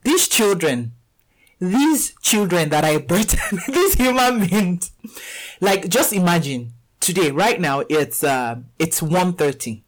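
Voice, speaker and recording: A woman's voice: fairly low pitch, slow, poor audio. A woman in her thirties with a Nigerian accent, hosting a casual podcast and telling stories with lots of laughter and acted-out dialogue. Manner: animated storyteller, laughs often, acts out dialogue. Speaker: podcast host and fitness coach.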